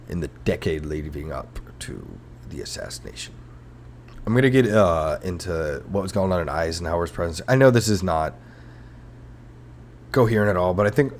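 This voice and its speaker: A man's voice: low voice, slight background noise. A man hosting a comedic history podcast, rambling and sarcastic, with frequent profane rants. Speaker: podcast host.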